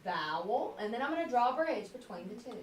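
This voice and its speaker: High-voiced woman teacher in an echoey classroom. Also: big pitch swings. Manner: patient, questioning, drawn-out word modelling. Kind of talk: classroom phonics lesson. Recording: echoey classroom from a distance with faint hiss.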